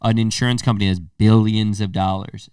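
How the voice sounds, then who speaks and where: A man with a lowish voice co-hosts a casual podcast, spinning loose stories with plenty of swearing. He sits a little away from the microphone, and the room around him is dry. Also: level tone, fairly quick, darkish tone, clean tone, dry recording, far from the mic. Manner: loose, storytelling, swearing freely. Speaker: podcast co-host. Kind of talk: casual chat.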